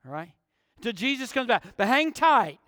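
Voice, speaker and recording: A man delivers a sermon with an emphatic preaching manner. His voice sits very high for a man. The recording is dry up close but carries a long hall reverb behind it. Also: very animated, moderate pace, fairly bright tone. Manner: emphatic preaching with rhetorical questions. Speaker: pastor.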